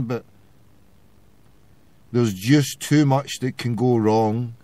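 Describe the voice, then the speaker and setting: A man's voice: mid-range voice, dark tone, dry recording. A Glaswegian man hosting a call-in show, ranting with sarcasm and heavy swearing. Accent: Glasgow Scottish. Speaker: radio show host. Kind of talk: ranting opinion monologue.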